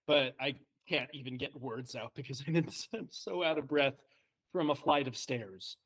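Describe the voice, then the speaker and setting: A man, a high school English teacher, chatting casually and telling self-deprecating stories with frequent laughs. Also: wildly swooping pitch, measured pace, fairly bright tone. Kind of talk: casual chat.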